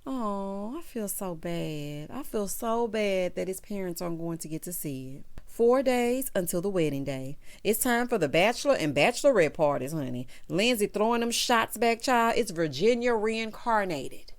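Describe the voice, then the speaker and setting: A woman's voice: moderate pace, hardly any pauses. A woman giving a sassy, casual recap of a reality show, often calling people "child" and "honey.". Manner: sassy, animated, laughs loudly, says "child" and "honey"; acts out cast members in high voices.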